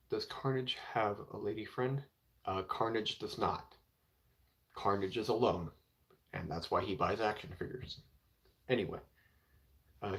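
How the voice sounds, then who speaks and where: A young man with a low, gravelly voice chats casually about comic books on a live stream, rambling and packing his speech with "like" and "you know."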